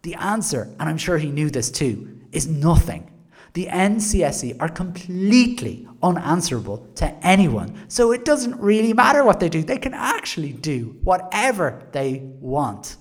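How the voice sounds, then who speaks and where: An Irish podcaster holds forth in a solo monologue about schools. The delivery is sarcastic and full of wry asides. The pitch rises and falls a lot. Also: big pitch swings, normal speed. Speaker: education podcaster.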